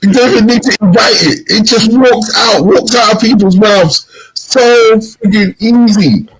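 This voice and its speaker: A man's voice: high-pitched, a little slow, a loud crowd, poor audio. A man co-hosting a podcast in casual chat, telling stories animatedly and mimicking slang phrases. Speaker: podcast co-host.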